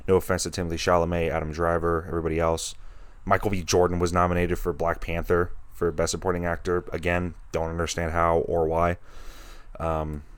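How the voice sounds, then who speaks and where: A man's voice: deep voice, no echo. A man hosting a podcast, chatting casually and rambling with many restarts as an enthusiastic film fan. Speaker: podcast host. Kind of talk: casual chat.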